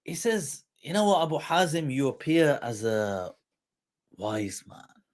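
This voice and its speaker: A man hosting a livestream who tells an old story with quoted dialogue, reciting Arabic quickly before translating it, mixing in Urdu phrases and laughing along the way. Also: on the high side, very animated. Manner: mixes Urdu phrases into English. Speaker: livestream host and mufti.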